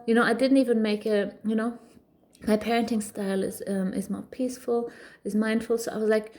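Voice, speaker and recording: Chatty mellow-voiced mother telling a story. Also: fairly high pitch, steady tone, brisk. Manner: chatty, frequent fillers and restarts. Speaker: parenting vlogger. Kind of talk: casual storytelling monologue.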